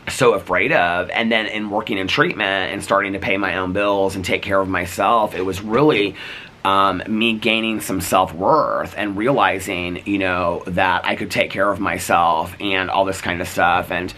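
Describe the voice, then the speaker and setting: A middle-aged man talks straight to camera in a relaxed, chatty vlog, winding through a story with lots of "like" and "you know" and acting out both sides of old conversations. His voice sits low but has a bright, forward edge. A faint hiss runs under the recording. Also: moderate pace. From United States. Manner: chatty, full of "like" and "you know", acts out quoted exchanges. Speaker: vlogger.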